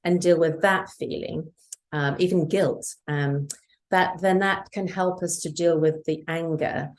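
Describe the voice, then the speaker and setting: A woman's voice: sits low, steady tone, measured pace, a little mellow. A woman guest in an interview, talking earnestly about parenting and acting out quoted dialogue. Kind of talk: conversational interview.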